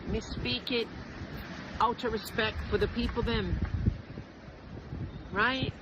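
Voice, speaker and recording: A woman's voice: fairly high pitch, slow, noisy background. Canadian woman chatting in learned patois. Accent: Canadian speaking learned Jamaican patois. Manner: chatty, laughing, playful patois. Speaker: vlogger. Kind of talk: casual outdoor vlog. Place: outdoors at a beach.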